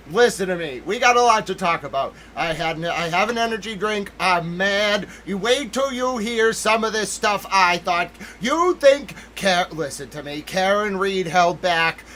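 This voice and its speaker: Male livestream host, high-pitched, excitable and emphatic, keeps repeating himself for emphasis. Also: a little hiss or hum, low-quality recording. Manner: talks to chat members directly by name. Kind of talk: livestream commentary.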